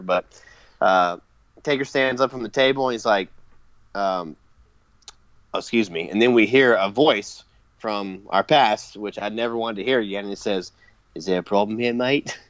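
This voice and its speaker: A man's voice: on the low side, normal speed, no room sound. A man hosting a casual podcast, rambling through a wrestling recap with lots of fillers and laughs. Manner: rambling, filler-heavy, laughs at his own bits. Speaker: podcast host. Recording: dull dry lo-fi podcast mic.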